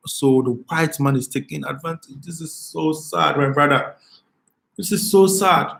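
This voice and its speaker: A man hosting an emotional live stream, speaking with passion and repeating his phrases as he pleads with his viewers. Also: on the high side.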